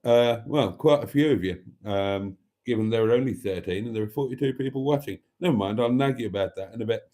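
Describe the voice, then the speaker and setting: A man hosting a live stream, reading out viewer comments in a wry, theatrical way, calling his viewers darlings, relaxed and a bit rambling as he sips wine. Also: fairly low pitch, fairly quick. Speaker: channel host.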